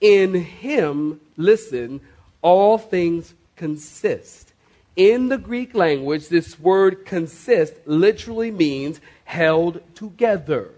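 A man preaching a sermon to a congregation in a church, slowing down sharply to stress key phrases and rising in emphatic bursts. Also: sits high, lively intonation, mellow. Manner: preaching with dramatic slowdowns and sudden rises. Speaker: pastor. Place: church sanctuary.

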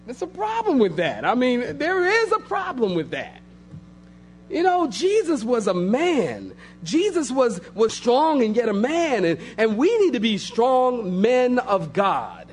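A man's voice: extremely high pitch, big pitch swings, measured pace, slight background noise. A man preaching a sermon as pastor, emphatic and repetitive, building phrase upon phrase.

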